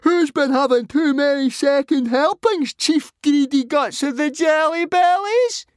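A man voicing a hysterical Viking boy who shrieks insults in a very high, loud voice. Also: unhurried, no echo, clean studio sound. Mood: shrieking.

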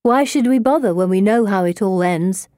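A woman voicing a plain, beaten-down teenage girl who speaks flatly and dryly. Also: mid-range voice, moderate pace, no room sound, lightly acted. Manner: flat, dry.

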